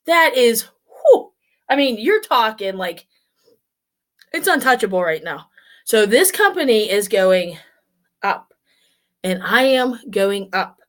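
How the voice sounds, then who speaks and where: A woman's voice: mid-range voice, big pitch swings, takes it slowly, pauses often, fairly bright tone. A woman in her forties talking casually to camera, blunt and swearing freely as she tells stories. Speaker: vlogger.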